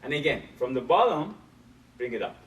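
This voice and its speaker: A man teaching a martial arts class, explaining step by step in a halting way and repeating phrases while he demonstrates. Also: mid-range voice, big pitch swings, fairly bright tone. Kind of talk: demonstration lesson. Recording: echoey room from far off, faint hiss.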